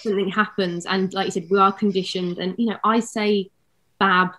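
A woman's voice: medium pitch, fairly even intonation, brisk, bright, forceful tone, poor audio. A woman, speaking as a guest in a conversation, agreeing earnestly. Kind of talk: conversational chat.

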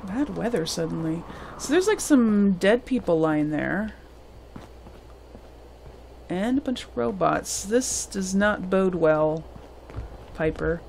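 A woman's voice: on the low side, animated, takes it slowly, gravelly, long pauses, a little mellow, a little hiss or hum. A woman hosting a let's play, giving gameplay commentary and thinking aloud with muttered asides.

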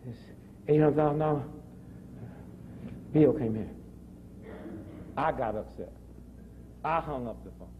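This joking, preachy health talk comes from a man whose medium-pitched voice is expressive, a little slow, and full of pauses. He tells a live audience stories from his own life, captured with phone-quality sound and slight background noise.

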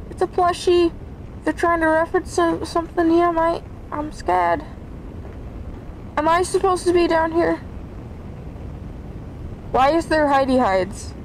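High-voiced woman nervously narrating a game. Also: slight background noise, low-quality recording. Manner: chatty, easily scared, talks to viewers. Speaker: gaming YouTuber. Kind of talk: let's play commentary.

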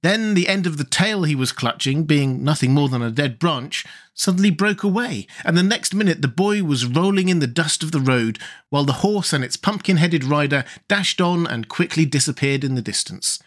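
A man reading a children's fantasy storybook aloud as an audiobook narrator, measured and expressive. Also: fairly high pitch.

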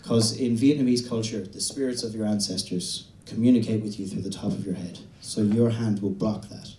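A young man from the west of Ireland with an Irish accent, doing a stand-up set in a halting, deadpan way with many restarts. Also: lowish voice, slight background noise. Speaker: stand-up comedian. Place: comedy venue stage. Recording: roomy venue recording from a distance.

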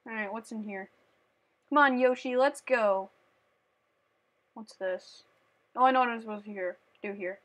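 A woman playing a platform game on camera, chatting playfully and breaking into shrieks and yells as she plays. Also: on the high side, normal speed, pauses often. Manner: playful, talks to the game and her cat. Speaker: gaming channel host. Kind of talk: let's play commentary.

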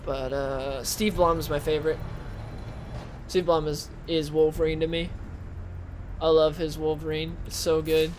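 A man's voice: fairly high pitch, flat delivery, measured pace, pauses often, a little hiss or hum. Chatty young man rambling over gameplay. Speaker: gaming channel host. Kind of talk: casual let's-play commentary.

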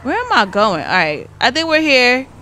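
Lively, bright-voiced woman gamer. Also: on the high side, normal speed, a little hiss or hum. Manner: animated, chatty, exclaims and laughs to viewers. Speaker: gaming YouTuber. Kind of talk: casual gameplay commentary.

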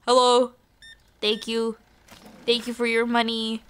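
A young woman streamer with a high, bright and sharp voice. She talks in an unhurried way, swearing and joking as she plays. Her commentary is loose and playful, and she talks straight to the customers in the game. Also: monotone, smooth.

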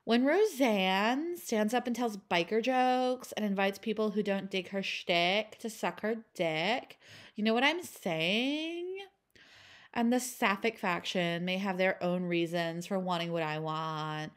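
A woman voicing a ditzy valley girl in a drawn-out lilt to mock a pompous man's words. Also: mid-range voice, natural voice.

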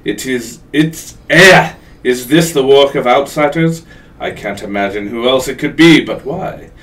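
A man reading a game note aloud as a dying, coughing facility worker, pleading and halting. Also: medium pitch, a bit bright, recorded from a distance, natural voice. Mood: desperate.

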